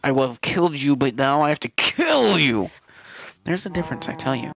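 A man hamming up a shrill cartoon villain. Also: big pitch swings, brisk, gravelly, fairly bright tone, a little hiss or hum, exaggerated voice. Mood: outraged. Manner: shrill, theatrical threats. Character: hammy vengeful male cartoon villain.

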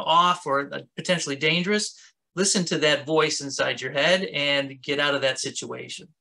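A man's voice: on the high side, bright, forceful tone. A man teaching a self-defense workshop in a casual, conversational way. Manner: casual, conversational, talks with his hands. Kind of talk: instructional talk.

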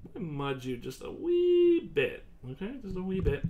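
A man streaming live, thinking aloud and swearing casually as he tests his desk microphone, often projecting near a yell. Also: high-pitched, huge pitch swings, normal speed, a little hiss or hum. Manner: projects loudly, near yelling into the mic. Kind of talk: live stream mic test, casual chat.

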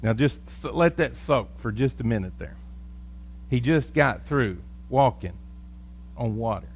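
A man's voice: mid-range voice, expressive, measured pace, a little hiss or hum. A man preaching a sermon as pastor, reading scripture and praying, with a folksy, joking storytelling manner.

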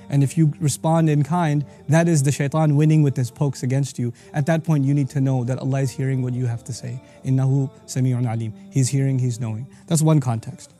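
A man teaching on scripture in an energetic explanatory talk, reciting verses quickly and then explaining them. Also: fairly high pitch. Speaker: Quran teacher.

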